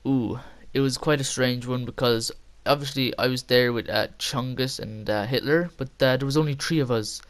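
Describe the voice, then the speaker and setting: A man's voice: mid-range voice, fairly even intonation, normal speed, hardly any pauses. A young man telling a casual, rambling story with frequent laughter and casual swearing. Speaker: vlogger.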